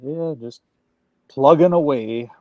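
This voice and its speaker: A man's voice: on the high side, slow pace, no echo, narrow, tinny audio. A laid-back man from Canada chatting casually on a stream and telling stories. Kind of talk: casual chat.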